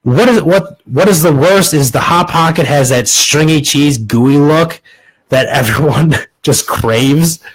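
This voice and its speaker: Young male podcast host, husky and fairly high, sarcastic comic monologue. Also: measured pace, low-quality recording. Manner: crude, sarcastic, restarts lines.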